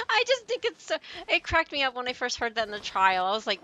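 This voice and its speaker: A woman's voice: high-pitched, wildly swooping pitch, measured pace, pauses often, bright, forceful tone. A young adult woman streaming a video game, chatting casually, gushing and laughing a lot. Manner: giggly, gushing, laughs often. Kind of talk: casual let's-play chatter.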